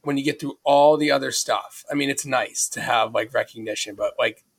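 A male podcast co-host from Massachusetts, chatting casually with a guest. His voice is husky with a gravelly edge at a medium pitch, and he talks in rambling questions full of restarts. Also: a little fast. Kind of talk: casual interview chat.

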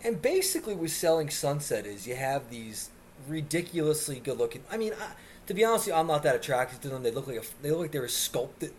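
Male podcast host on a comic rant, animated delivery with mocking impressions, faint noise behind. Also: fairly high pitch, brisk. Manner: animated, mocking put-on voices when quoting others. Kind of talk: comedic rant. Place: Miami area.

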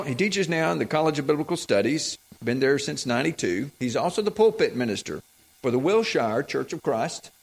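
A man hosting at a church, introducing the evening's guest speaker in a plain, matter-of-fact way. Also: fairly high pitch. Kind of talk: formal introduction.

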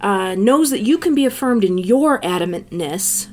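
A woman's voice: mid-range voice, animated, moderate pace, darkish tone, slight background noise. A woman co-hosting a casual podcast, summing up a book with dry sarcasm and reading quotes aloud. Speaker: podcast co-host.

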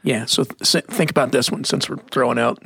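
A middle-aged man talking about faith in an emphatic, preachy way, slowing down to stress key words. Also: mid-range voice, steady tone, gravelly, fairly bright tone, husky, no room sound, studio quality. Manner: emphatic, preachy, drops into slow stressed phrases. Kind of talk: conversational Christian teaching.

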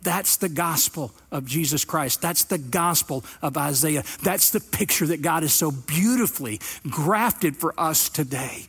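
A man's voice: a little high, unhurried, few pauses, a bit bright, breathy edge. A middle-aged man, preaching a sermon and telling a personal story before building to earnest emphasis. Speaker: pastor.

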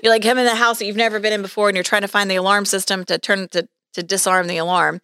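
A woman's voice: mid-range voice, fast, clean tone, no echo, clean studio sound. A woman real estate agent telling a story in a casual podcast chat, acting out the voices of the people in it. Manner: animated, acts out quoted voices.

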